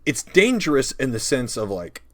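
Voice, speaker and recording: A man's voice: medium pitch, big pitch swings, normal speed. A man co-hosting a casual podcast about running tabletop games, rambling and laughing easily. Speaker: podcast co-host.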